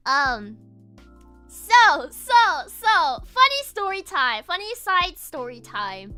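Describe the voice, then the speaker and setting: A woman's voice: very high voice, big pitch swings, takes it slowly, sharp tone, soft background music. A young woman streamer telling a casual story while drawing, giggling often and restarting her phrases. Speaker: virtual streamer.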